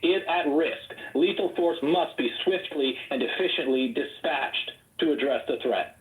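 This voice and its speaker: A man running for office, arguing loudly and combatively in a heated voice-chat debate. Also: fairly high pitch, a little slow, reverberant, narrow, tinny audio. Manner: loud, ranting, combative. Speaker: political candidate.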